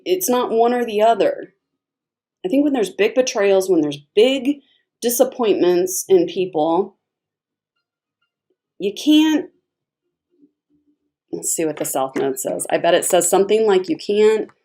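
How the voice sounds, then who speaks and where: A woman giving a casual tarot reading, chatty and expressive, laughing often as she talks. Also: medium pitch. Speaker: tarot reader.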